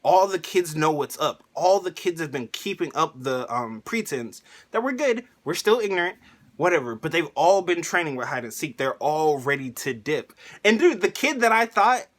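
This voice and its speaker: An excitable man in a casual rant, with a fairly high voice. His tone is bright and sharp. He laughs often and drops slang as he goes. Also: moderate pace. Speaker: anime reviewer vlogger.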